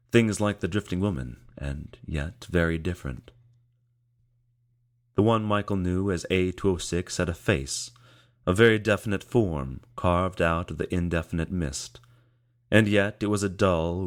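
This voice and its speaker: Man, audiobook narrator, very deep voice, measured steady storytelling. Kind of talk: scripted narration.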